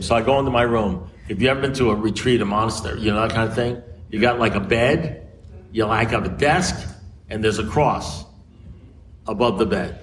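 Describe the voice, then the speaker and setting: An American man speaking at a recovery meeting, telling a story and acting out both sides of a conversation with big swings in pitch. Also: fairly quick. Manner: animated, acts out dialogue with swings in pitch. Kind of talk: storytelling talk. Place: meeting room. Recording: noisy room recording.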